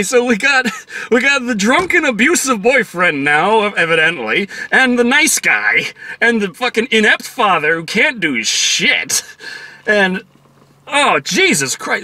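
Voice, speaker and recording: A man's voice: high voice, pushed and bright. A man giving a casual, profane movie review, exasperated and acting out quotes from the film.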